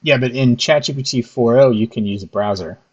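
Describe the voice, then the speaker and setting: A man's voice: medium pitch, a little fast, a little mellow, dull audio. A man from the Philadelphia area, chatting casually with frequent restarts and easy laughs. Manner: hesitant, restarts often, laughs easily. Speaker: host. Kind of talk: casual chat.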